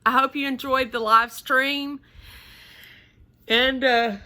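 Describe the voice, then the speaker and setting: A woman with a drawl talks through a knitting pattern at an unhurried pace, her voice bright and forward. She rambles happily and pokes fun at herself as she goes. Her tone sits a touch higher than most. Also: fairly even intonation, clean tone. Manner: chatty and rambling, laughs at herself. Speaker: knitting channel host. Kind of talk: casual knitting tutorial.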